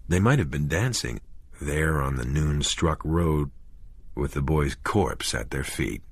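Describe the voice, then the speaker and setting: A man narrating a horror audiobook in a measured, deliberate way. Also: very deep voice, slightly rough, dry recording.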